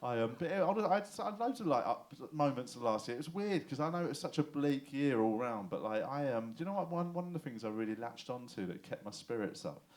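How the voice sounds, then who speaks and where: An English man performing a lively stand-up comedy set on a club stage, chatty and swearing, often checking in with the crowd. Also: medium pitch, brisk, hardly any pauses. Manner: chatty, animated, swears and asks the crowd "right?".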